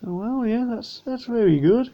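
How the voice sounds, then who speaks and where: A man's voice: extremely high pitch, moderate pace. A man chatting casually through a model plane unboxing review, rambling and a little tired. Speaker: vlogger. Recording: dull lo-fi home recording.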